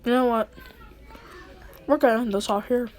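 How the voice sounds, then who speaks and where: A woman's voice: on the high side, fairly even intonation, moderate pace, a little mellow. A woman telling a fan story in a casual, rambling, slangy way.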